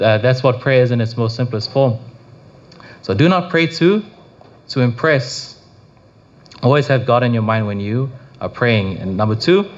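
A man giving a casual devotional talk on prayer, rambling with frequent restarts and filler phrases. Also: medium pitch. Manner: rambling, full of restarts and "you know". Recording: slightly dull lo-fi recording.

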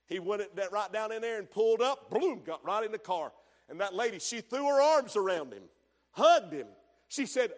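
Male preacher with a very high voice, shifting from hushed storytelling to shouts, long church reverb. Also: expressive, moderate pace. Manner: storytelling preacher, swings from quiet asides to shouted emphasis. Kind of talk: sermon.

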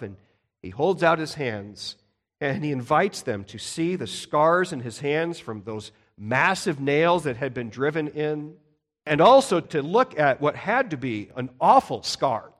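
A man preaching a conversational sermon, shifting between animated stretches and soft, dramatic drops. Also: fairly high pitch. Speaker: pastor.

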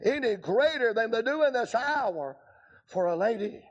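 Emphatic high-voiced revival preacher. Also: male voice, expressive, lo-fi sound. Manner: emphatic, swings from quick asides to drawn-out shouted lines. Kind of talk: revival sermon.

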